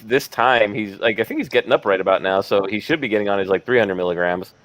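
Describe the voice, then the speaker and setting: A man's voice: on the low side, fast talker, a bit bright, dry recording. A man chatting casually with friends, rambling with many restarts. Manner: rambling, lots of likes and restarts. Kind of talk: casual group chat.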